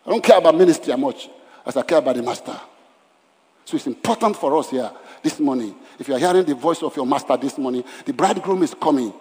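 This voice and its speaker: A man's voice: medium pitch, lively intonation, fast, a little mellow. A male pastor preaching a dramatic sermon at a church service, repeating lines for emphasis and acting out scenes. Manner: dramatic, acts out Bible scenes in voices; emphatic repetition. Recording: long hall reverb.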